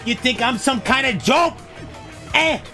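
A man's voice: extremely high pitch, lively intonation, a little slow, gravelly, bright, forceful tone, faint music behind, voice pushed up, exaggerated voice. A man voicing a tough-talking male tape villain with a put-on New Jersey accent and a swaggering, menacing delivery.

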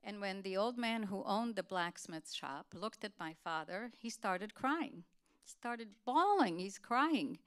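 A woman giving a talk, telling a family story to an audience in an earnest, steady way. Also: medium pitch, unhurried, clear, resonant tone. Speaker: guest speaker.

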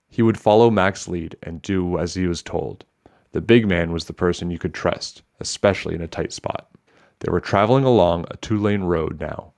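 A man reading a children's novel aloud in a steady, clear storytelling manner. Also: low voice. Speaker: storybook reader.

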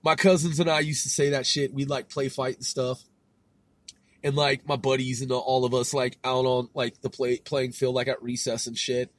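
A man's voice: medium pitch, flat delivery, normal speed, dry recording. A man in his thirties hosting a solo podcast, rambling in loose, profane slang and laughing at himself as he reads things aloud. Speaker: podcast host.

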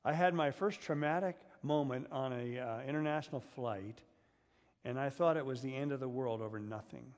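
A man's voice: medium pitch, moderate pace, darkish tone. Guy pastor preaching, jokey, keeps asking the room questions, big church echo. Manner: humorous, asks the congregation questions. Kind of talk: sermon. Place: church sanctuary. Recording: long reverb of a church hall.

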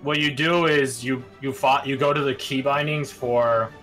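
A man's voice: mid-range voice, steady tone, moderate pace, over music. A man chatting bluntly with friends on a voice call before a tabletop game, swearing casually. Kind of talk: casual chat over voice call.

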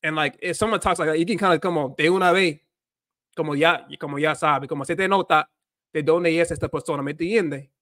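Quick-paced, with a bit of brightness and a voice on the high side, an American man rambles through a casual livestream. He repeats himself and mixes in Spanish as a language learner, captured in studio quality with no echo.

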